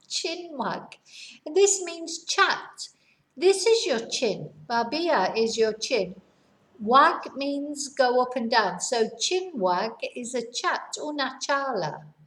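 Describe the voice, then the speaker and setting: A woman teaching slang as a language teacher, speaking slowly and deliberately and repeating each example twice. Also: sits high, big pitch swings, a bit bright, reverberant. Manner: explains in simple words, mixes in Spanish. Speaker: English teacher. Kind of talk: language lesson.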